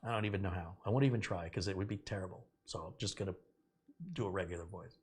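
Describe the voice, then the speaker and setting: A man's voice: low voice, fast, a little mellow, husky. A middle-aged man hosting a casual live stream, sarcastic and rambling, reading out viewer donations.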